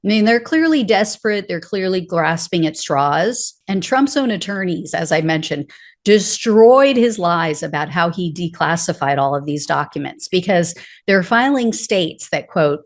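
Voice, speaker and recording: A woman's voice: lowish voice, animated, a little slow. Woman ranting about politics on her own show, sarcastic and mocking, lots of energy. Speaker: political commentary host. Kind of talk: solo political commentary.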